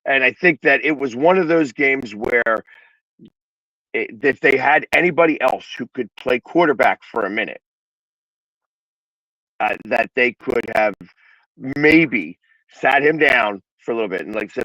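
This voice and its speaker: A man's voice: mid-range voice, expressive, measured pace, pauses often, bright, forceful tone, dry recording, highs cut off. A man with a Philadelphia accent hosting a casual sports talk show, rambling with many restarts and fillers.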